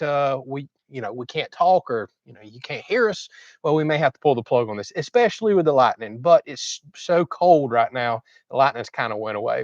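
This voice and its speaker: A man from Florida, slightly hoarse, hosting a casual livestream chat from outdoors in a chatty, folksy, rambling way. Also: medium pitch, no room sound, muffled recording. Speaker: livestream host. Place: outdoors at a home cooking spot.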